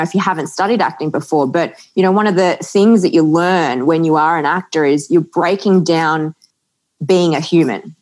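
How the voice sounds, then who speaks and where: A woman's voice: low voice, a little mellow. A woman hosting a podcast in casual chat, eagerly agreeing with her guest and explaining her points with lists of examples. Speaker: podcast host.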